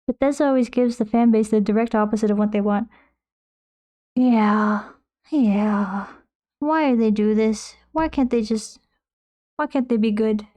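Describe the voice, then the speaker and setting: A young woman with a fairly high, mellow voice chats into a close desk mic while she paints on stream. She rambles and laughs at her own habits as she answers her viewers, and her tone stays loose and self-mocking. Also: a little slow, long pauses. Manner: rambling, self-mocking, reads chat aloud. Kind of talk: casual chat while painting. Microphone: desk microphone close by.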